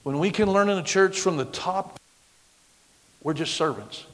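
A middle-aged man preaching a sermon with a loud, projecting voice, acting out the voices of the people he quotes. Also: high-pitched, moderate pace. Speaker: pastor. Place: church sanctuary. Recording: long hall reverb.

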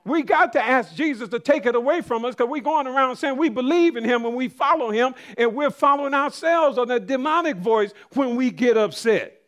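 A man's voice: extremely high pitch, lively intonation, a little fast, fairly bright tone. A middle-aged man preaching a conversational sermon, calling out to the congregation.

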